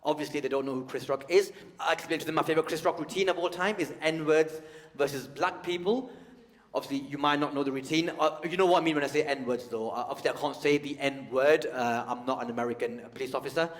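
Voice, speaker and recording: A man's voice: on the high side, fast. A stand-up comedian, a man, talking conversationally and teasing the audience on a large theatre stage. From United Kingdom. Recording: long hall reverb.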